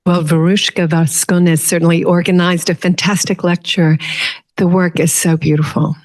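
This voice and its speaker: Woman, audience member, Q&A question, low voice, halting, filler-heavy. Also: flat delivery, darkish tone. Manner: searching for words, many fillers. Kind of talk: lecture Q&A question.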